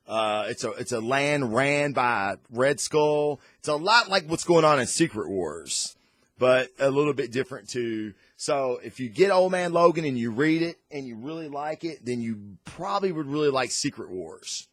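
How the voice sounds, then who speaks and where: A man hosting a casual comic and movie review, rambling and excitable, with lots of fillers and restarts. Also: mid-range voice, moderate pace, dry recording. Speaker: host.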